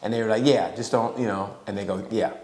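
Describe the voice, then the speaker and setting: A man's voice: lowish voice, quick pace. A man co-hosting a podcast, telling stories in a casual chat, swearing often and breaking into laughter. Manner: profane, laughing, animated storyteller. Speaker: podcast co-host. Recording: roomy echo.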